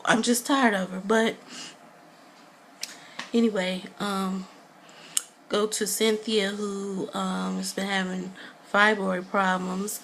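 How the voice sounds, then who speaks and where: A woman's voice: mid-range voice, slight background noise. A woman vlogger in casual chat, reviewing a show in a rambling, gossipy way full of fillers.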